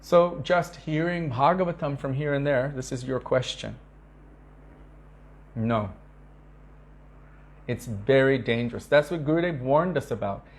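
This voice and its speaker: A man's voice: measured pace, pauses often. A man giving an earnest devotional talk to disciples, telling stories with emphatic repetition and acting out quoted speech. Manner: acts out quoted speech with sharp pitch shifts. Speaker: spiritual teacher.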